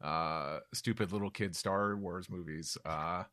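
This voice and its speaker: A man's voice: low voice, steady tone, measured pace, fairly bright tone, dry recording. A man with a New York accent hosting a podcast, casually recapping a comic chapter and rambling on, sometimes reading lines in playful voices. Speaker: podcast host.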